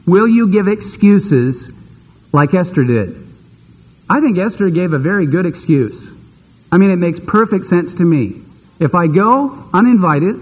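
A man preaching a sermon, retelling scripture in a lively, conversational storytelling manner. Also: high-pitched, breathy edge. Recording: long hall reverb.

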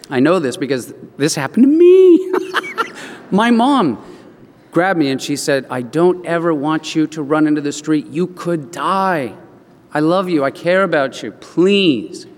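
A man preaching a sermon as a pastor, telling stories with animated, expressive rises in his voice. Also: sits high, big-room sound.

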